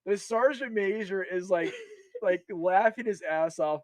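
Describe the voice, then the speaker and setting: A man telling stories from his army service in a casual, animated way, laughing often and restarting his sentences. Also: high voice, measured pace, dry recording. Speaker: podcast guest, army veteran. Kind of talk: casual storytelling.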